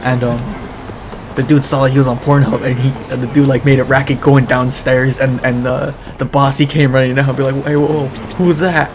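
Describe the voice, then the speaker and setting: Game music plays as a male streamer tells a meandering, swear-filled story, often starting over. He talks fairly quickly in a mid-range voice that barely moves in pitch.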